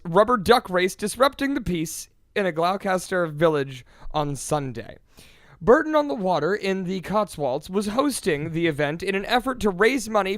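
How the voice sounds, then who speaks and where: High-voiced man reading mock news deadpan. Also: no echo, clean studio sound. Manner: deadpan, self-important anchor delivery. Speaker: podcast co-host reading a news segment.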